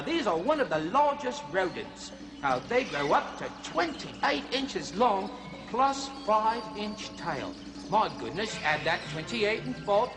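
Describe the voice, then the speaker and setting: An actor playing a fussy middle-aged jungle zoo host who exclaims a lot and talks in a chatty, overly polite comic manner. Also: male voice, high-pitched. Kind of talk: comic kids' TV hosting.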